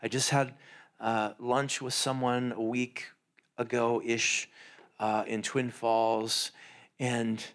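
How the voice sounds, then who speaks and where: A man's voice: medium pitch, flat delivery, slow, a bit bright. A middle-aged man preaching a sermon to his congregation in a church, earnest and direct. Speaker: pastor. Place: church sanctuary.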